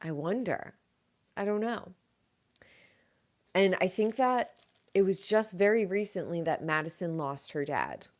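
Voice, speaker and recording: A woman's voice: on the low side, lively intonation, measured pace, long pauses. A woman hosting a live show, chatting casually and gossiping about reality TV, swearing now and then. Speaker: host.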